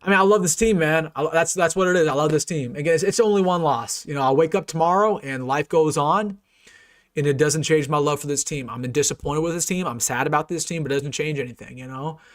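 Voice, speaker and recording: A man's voice: a little high, a little fast. A young man hosting a sports fan channel, ranting casually and earnestly with many restarts and repeated phrases. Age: young adult. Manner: earnest and repetitive, many restarts, turns loud and taunting. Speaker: sports YouTuber and host. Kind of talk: casual fan rant to a live stream.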